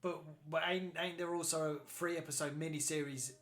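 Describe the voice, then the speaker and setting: A man co-hosting a podcast, chatting excitedly, swearing a lot and acting out quotes. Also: on the high side, brisk. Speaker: podcast co-host. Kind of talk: casual chat. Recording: roomy echo.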